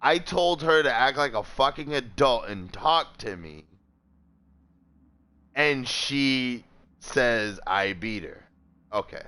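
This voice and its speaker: A man's voice: medium pitch, slow, pauses often, clear, resonant tone. A young man telling a long personal story in casual chat, swearing often, rambling, and acting out quoted people. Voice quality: profane, rambling. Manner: animated, voices quoted people. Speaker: gaming streamer.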